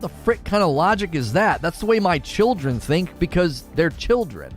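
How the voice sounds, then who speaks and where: A man's voice: on the high side, normal speed, hardly any pauses, faint music behind. A man hosting a live gaming talk show, ranting with emphatic opinions. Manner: animated, emphatic opinion rant.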